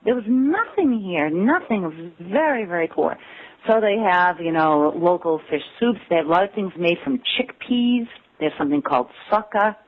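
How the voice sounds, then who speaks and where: Over a tinny phone line, an American woman with a medium-pitched voice and normal pace appears as a guest in a casual interview. She's an animated storyteller who acts out quotes and laughs.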